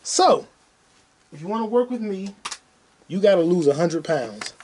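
A man's voice: high-pitched, very animated, measured pace, a little mellow, a little hiss or hum. A young man hosting his own podcast, telling loose, profane stories and repeating his punchlines. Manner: loose, profane, repetitive storytelling. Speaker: podcast host. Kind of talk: solo comedic podcast monologue.

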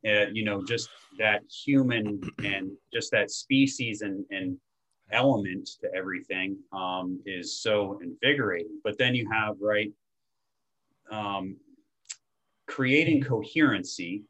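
A man from Florida, a men's coach, talking in an energetic, slangy way with casual swearing in a relaxed podcast chat. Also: lowish voice, rough recording. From Tampa, Florida.

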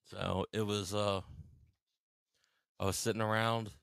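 A man in a casual podcast chat, talking hesitantly and haltingly a bit away from the mic. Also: fairly low pitch, little pitch movement, vocal fry, fairly bright tone, clear, resonant tone, no room sound, clean studio sound.

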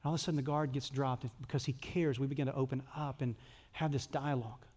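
Pastor preaching in a reverberant hall. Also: male voice, mid-range voice, steady tone, fast. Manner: conversational, acts out prayers and dialogues, drops to soft intimate tones. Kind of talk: sermon.

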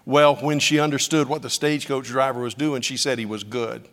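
A middle-aged man preaching a sermon, telling stories with dramatic swings from hushed tones to loud cries. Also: medium pitch, steady tone, brisk, in a large hall.

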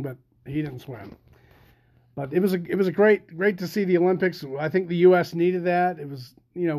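A man's voice: high voice, a little mellow. Rambling, chatty man hosting a podcast. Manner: rambling, chatty, lots of fillers and restarts. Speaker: podcast host. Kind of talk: casual chat.

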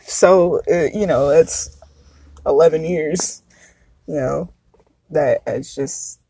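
A woman's voice: on the low side, warm tone, breathy edge, dry recording. A woman in her thirties hosting a podcast, talking frankly and confessionally in a casual chat that drifts into tangents. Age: 30s. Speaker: podcast host.

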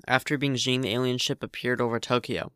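A man's voice: mid-range voice, steady tone, fairly quick, a bit bright, clean tone, no room sound, studio quality. A man narrating a story aloud in a plain reading voice, with frequent slips and restarts.

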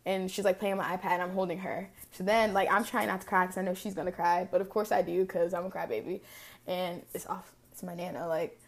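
A woman's voice: lowish voice, flat delivery, quick pace. Reflective young woman telling a personal story. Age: early 20s. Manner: casual, reflective, frequent "like" fillers. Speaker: podcast host.

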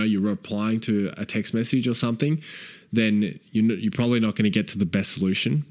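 A man coaching fathers in a frank, profane way. He keeps asking "right?" and repeats key phrases for emphasis. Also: medium pitch. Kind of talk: direct-to-camera advice talk.

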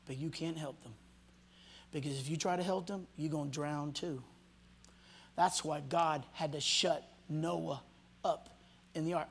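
A male pastor preaching a sermon to a congregation, swinging from loud shouts to hushed near-whispers and acting out the voices of people he quotes. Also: high voice, breathy edge. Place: church hall before a congregation.

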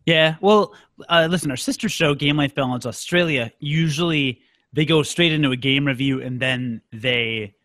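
A man's voice: fairly high pitch, normal speed, fairly bright tone, dry recording. Man, podcast host; dry close recording; wry, self-mocking storyteller. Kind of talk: casual chat. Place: Chicago.

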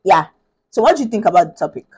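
A woman's voice: mid-range voice, very animated, rapid-fire, darkish tone, husky, poor audio. A woman from Nigeria hosting a podcast in casual chat. She is bubbly, laughs often and thinks aloud with many restarts. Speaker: podcast host.

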